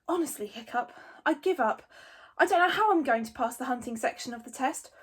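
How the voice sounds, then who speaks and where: A woman's voice: high voice, lively intonation, a little fast, husky. A woman voicing a gloomy young Viking boy who drawls, in a storybook reading. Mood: despairing.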